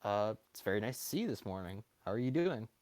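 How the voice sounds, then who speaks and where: A man's voice: fairly low pitch, sing-song, quick pace, darkish tone, no room sound. A man running a tabletop game as game master, narrating loosely and playfully.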